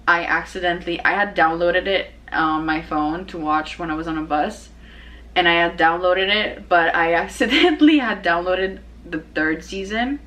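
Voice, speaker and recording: A young woman hosting her own show, chatting casually in a rambling way, full of fillers and restarts and quick to laugh. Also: lowish voice, fairly bright tone, poor audio. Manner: laughs easily. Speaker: podcast host. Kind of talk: casual personal chat.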